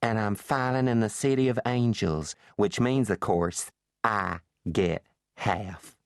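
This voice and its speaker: A man's voice: fairly low pitch, dry recording, studio quality. Man doing a purring Southern bombshell woman. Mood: purring scornful. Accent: Southern American. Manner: purring, slow, teasing. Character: sultry Southern American bombshell wife, scheming, purring.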